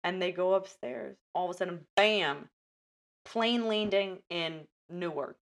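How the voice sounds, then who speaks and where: A woman's voice: lowish voice, measured pace. A woman chatting casually as a podcast host, retelling a film scene by scene and acting out the characters' lines. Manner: animated storyteller, acts out lines. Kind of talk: casual chat recapping a film.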